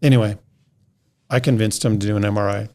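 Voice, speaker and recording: A man's voice: fairly low pitch, fairly even intonation, quick pace, mellow. A middle-aged man, a podcast guest, telling a long story in casual conversation, rambling along and acting out what everyone said. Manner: rambling, re-enacts conversations by quoting others.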